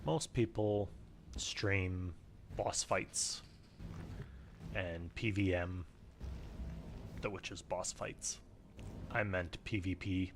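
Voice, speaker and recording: A man chats over his game stream with a low voice. He is slow and quiet, mumbling to himself between thoughts, with a faint hum of noise underneath. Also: steady tone. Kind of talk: casual gameplay chat.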